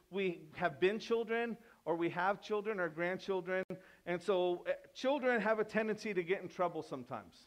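A pastor giving a sermon in a conversational manner, teasing the congregation and turning emphatic with sudden quiet drops. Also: male voice, high-pitched. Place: church.

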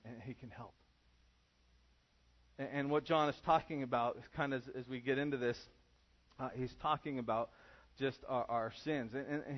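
A man's voice: medium pitch, muffled recording. A man preaching a sermon to a congregation in a church, casual and conversational in how he talks. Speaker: pastor.

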